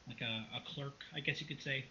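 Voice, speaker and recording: A man's voice: mid-range voice, fairly even intonation, brisk, noisy background, lightly acted. A man doing a stammering, nervous court clerk. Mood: anxious. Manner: stammering, hesitant. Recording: dull lo-fi recording.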